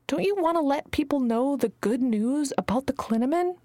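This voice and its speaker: A woman's voice: high voice, expressive, normal speed, darkish tone, no room sound, clean studio sound, pitched above the performer's own voice. A woman voicing an anxious, eager young woman who pleads urgently in a raised voice. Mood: pleading.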